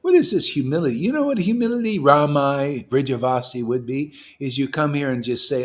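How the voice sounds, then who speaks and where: A male spiritual teacher preaching informally to his devotees, his pitch swinging up and down with lively force. He talks in a challenging, colloquial way and repeats words to drive his points home. His voice sits in a middle pitch for a man. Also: normal speed, hardly any pauses. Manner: animated, emphatic, challenging, colloquial.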